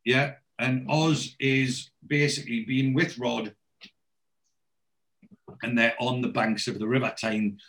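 A man's voice: medium pitch, fairly even intonation, slow pace, long pauses, a bit bright. Rambling man recapping a show. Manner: rambling storyteller, many fillers and quotes.

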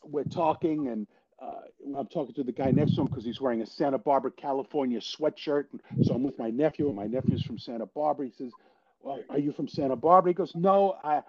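An older actor telling a story in a casual interview, animated and quoting the people in it. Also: male voice, medium pitch, quick pace, husky. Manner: animated storyteller, quotes people in his tales. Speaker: guest actor. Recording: dull lo-fi audio.

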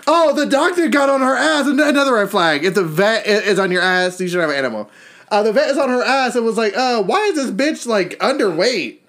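A man's voice: high voice, sing-song, fast, a bit bright. A man co-hosting a casual podcast, gossiping and swearing freely and laughing through his stories. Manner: gossipy, profane, laughs while telling stories. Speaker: podcast co-host. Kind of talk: casual chat.

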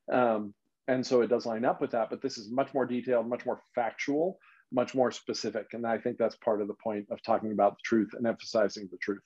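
A man's voice: mid-range voice, a little mellow. A man leading a casual Bible study, talking emphatically and thinking aloud as he explains. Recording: slightly dull lo-fi recording.

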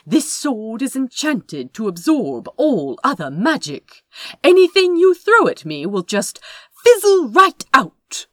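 A woman plays a cocky young swordsman in a fantasy audiobook, his voice pitched high and loud with overeager bravado. her own voice is pushed well above her usual register. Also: big pitch swings, slow, no room sound, studio quality, exaggerated voice. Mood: brash. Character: young blond male hero, brash and overeager.

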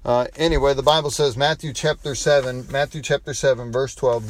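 A man's voice: medium pitch, steady tone, a little fast, few pauses, no room sound. Folksy male pastor, dry close sound. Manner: folksy storytelling, frequent restarts. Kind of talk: devotional sermon with prayer.

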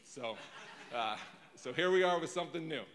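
A man preaches into a handheld microphone, his tone bright and forward. He is openly emotional and self-deprecating. A long reverb from the church hall trails his words. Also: a little high, expressive, normal speed. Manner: emotional, rambling, self-deprecating, warm to crowd. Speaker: guest preacher. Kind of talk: sermon opening. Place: church sanctuary before a congregation.

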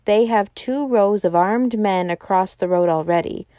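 A placid, cynical man from a storybook, as a woman reader puts him on. He speaks evenly and calmly, with a mellow, dry tone. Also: medium pitch, unhurried, no room sound, natural voice.

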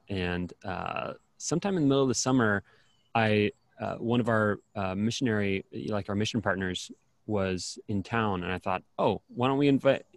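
Laid-back man hosting a podcast, low voice. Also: no echo. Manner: relaxed, rambling with fillers. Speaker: podcast host. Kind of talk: casual faith podcast chat. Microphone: video call.

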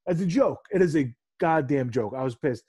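A man in his thirties co-hosting a casual sports chat, rambling and animated, swearing freely and laughing often. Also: a little high, a little fast, husky. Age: 30s. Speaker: podcast co-host.

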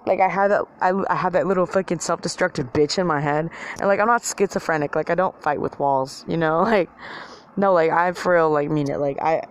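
A woman's voice: low voice, a little fast. Rambling, profane young woman. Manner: rambling, profane, self-mocking, filler-heavy. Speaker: vlogger. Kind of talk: casual rant to camera.

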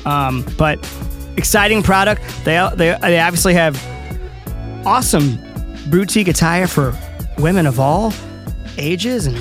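A man's voice: high voice, animated, unhurried, long pauses, a bit bright, soft background music. A man co-hosting a casual sports talk show, reading sponsor spots with upbeat enthusiasm. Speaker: co-host.

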